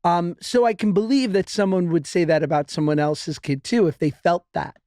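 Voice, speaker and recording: A man's voice: high voice, moderate pace, darkish tone, dry recording, studio quality. A man hosting a podcast in casual chat, wry and joking as he talks. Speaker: podcast host.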